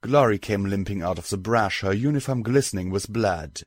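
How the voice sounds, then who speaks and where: A man narrating a storybook in a steady, measured way. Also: fairly low pitch, no room sound. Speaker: audiobook narrator. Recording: dry close mic, faint music.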